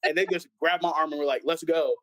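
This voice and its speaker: A young man tells his stories in a loose panel conversation, slipping into the voices of the people he quotes. His voice sits a little high. The sound is close and dry. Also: fast talker, dry recording, low-quality recording. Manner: animated storyteller, acts out quoted voices. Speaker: pastor's son guest. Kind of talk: casual panel chat.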